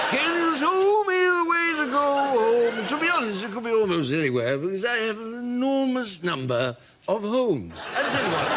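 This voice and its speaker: A man's voice: high-pitched, pitched above the performer's own voice. A man playing a pompous, rambling upper-class royal in an improvised comedy sketch. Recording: loud noise and audience laughter.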